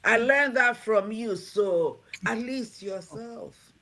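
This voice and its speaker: A woman's voice: on the high side, slow, crowd noise. A woman who runs a home care agency and is also a pastor, talking on a livestream show in an earnest, heartfelt way and repeating her key phrases for emphasis. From from outside America. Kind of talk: livestream talk show chat.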